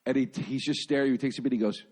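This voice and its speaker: A man's voice: mid-range voice, steady tone, fast talker, a little mellow. A middle-aged male comedian co-hosting a podcast, telling long casual stories peppered with swearing and "dude.". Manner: swearing, rambling anecdotes with lots of "dude" and "man". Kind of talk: casual chat.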